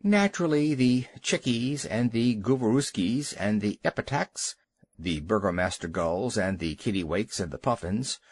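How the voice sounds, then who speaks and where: Male audiobook narrator, lively expressive reading, dry close studio sound. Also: fairly low pitch, normal speed, no echo. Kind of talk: scripted storybook narration.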